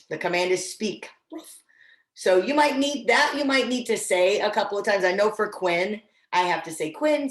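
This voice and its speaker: A woman's voice: medium pitch, echoey room. A woman instructor teaching dog training in a casual, encouraging way, often restarting her sentences. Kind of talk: online training class.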